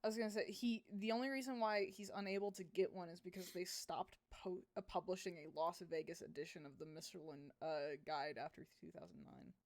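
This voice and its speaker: A woman's voice: lowish voice, a little fast, hardly any pauses. A woman running a tabletop game as game master, chatting and laughing with her players. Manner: laughing often, chatty and knowing. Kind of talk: casual tabletop chat.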